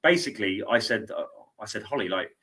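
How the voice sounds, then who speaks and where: A middle-aged man with a lowish voice, hosting a sports show in loose, casual studio chat. He rambles and repeats words as he works out what to say. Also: lively intonation, a little fast, pushed and bright, breathy edge. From United Kingdom.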